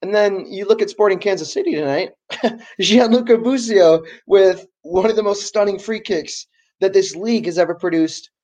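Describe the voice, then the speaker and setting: A man's voice: sits high, moderate pace, darkish tone. A man co-hosting a podcast, talking soccer in a casual, enthusiastic, rambling way. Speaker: podcast co-host.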